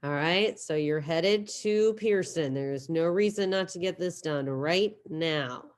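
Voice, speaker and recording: A woman teaching a Spanish class over a video call. She sometimes drills verb forms slowly and clearly, then talks quickly. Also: deep voice. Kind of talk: online class lecture with screen share. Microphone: computer mic on video call.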